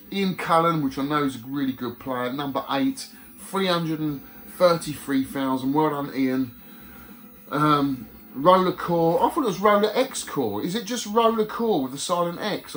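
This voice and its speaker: A man with a fairly high, slightly bright voice hosts a YouTube video, reading out competition results. He chats casually to viewers and adds friendly asides between the scores.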